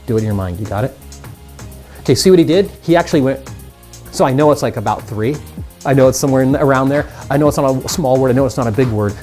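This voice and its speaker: A man rattles quickly through a mind reading magic tutorial, upbeat and chatty as he speaks straight to the camera. Faint music plays underneath him. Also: mid-range voice, a little mellow. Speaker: magician teaching tricks.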